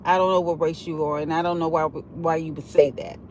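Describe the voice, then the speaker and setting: A woman's voice: low-pitched, level tone, a little fast. A woman hosting a casual livestream from her car while she drives, rambling and repeating herself in a heartfelt way. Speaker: livestream host. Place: in a car on the road. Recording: loud road and traffic noise.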